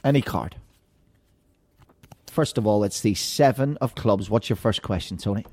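A man hosting an interview show, playful and animated as he tells stories and quizzes his guest. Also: lowish voice, normal speed. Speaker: host. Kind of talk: lively interview chat.

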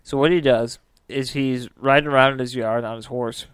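A man's voice: mid-range voice, fairly even intonation, normal speed, fairly bright tone, smooth, dry recording. A man casually telling a spooky story as a podcast host, chatty and full of filler words.

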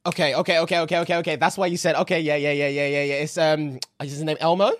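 A young man, co-hosting a podcast in casual chat, animated and swearing often, repeating words when stuck. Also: a little high, fast. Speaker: podcast co-host.

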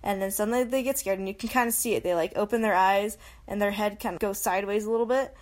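A woman's voice: medium pitch, fast. A young adult woman hosting a casual solo podcast, chatty and self-mocking, often laughing and slipping into quoted voices. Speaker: podcast host.

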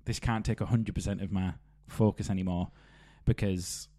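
A man with a lowish, mellow voice co-hosting a casual podcast. He speaks reflectively and thinks aloud as he goes, often restarting his sentences. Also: fairly even intonation, normal speed. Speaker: podcast co-host. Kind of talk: casual chat.

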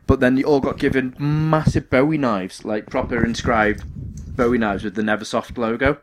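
A man's voice: mid-range voice, moderate pace, background noise. A man co-hosting a podcast, chatting casually and rambling through lots of fillers and restarts. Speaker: podcast co-host. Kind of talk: casual chat.

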